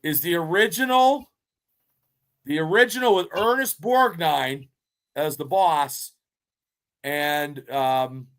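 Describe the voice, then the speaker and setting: Brief: fifties male podcast co-host, high, bright voice, swears constantly, rambles through animated stories. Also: slow pace, long pauses. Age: 50s. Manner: profane, rambling, animated storytelling. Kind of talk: casual chat.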